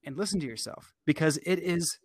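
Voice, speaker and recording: A man's voice: a little high, a little fast, breathy edge, no echo. A man co-hosting a casual podcast chat, ranting emphatically and swearing now and then. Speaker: podcast co-host.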